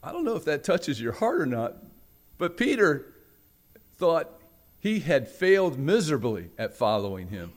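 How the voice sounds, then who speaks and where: A man preaching a sermon, telling a story with dramatic swings from loud, raised passages to hushed ones and acting out the voices in it. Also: fairly high pitch, big pitch swings, normal speed. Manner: acts out the quoted voices in the story. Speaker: pastor.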